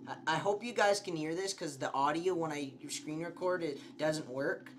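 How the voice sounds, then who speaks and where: A man's voice: on the high side, normal speed, slight background noise. A young man giving commentary on a horror game, swearing often and shrieking when scared. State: slightly sick. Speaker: gameplay streamer.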